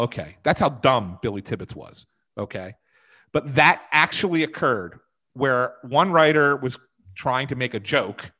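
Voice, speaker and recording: A man's voice: mid-range voice, a bit bright. A man on a podcast telling a rambling anecdote from his time as a hockey beat writer, full of fillers and restarts. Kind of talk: casual podcast storytelling.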